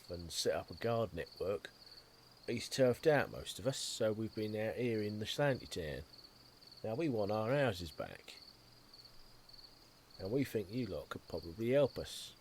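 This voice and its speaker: A man's voice: fairly low pitch, lively intonation, unhurried, darkish tone, slight background noise. A man voicing Jerry, a scruffy gerbil-like shantytown critter, folksy and persuasive.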